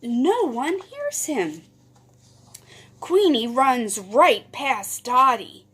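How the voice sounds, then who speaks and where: A woman's voice: sits high, very animated, very slow, a bit bright, breathy edge. A woman teacher leading a phonics lesson for young children, reading a storybook aloud in a sing-song way with whispered parts.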